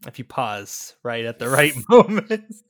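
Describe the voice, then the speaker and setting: Guy cohosting a movie podcast, jumps in w reactions and questions, chill, normal pitch. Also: very animated, measured pace, a bit bright. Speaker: podcast co-host. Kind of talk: casual chat.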